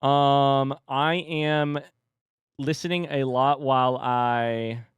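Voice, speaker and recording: Smooth-voiced male streamer chatting. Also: mid-range voice, little pitch movement, slow pace, dry recording, lo-fi sound. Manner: rambling, chatty, reads chat aloud. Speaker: livestreamer. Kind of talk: casual livestream chat.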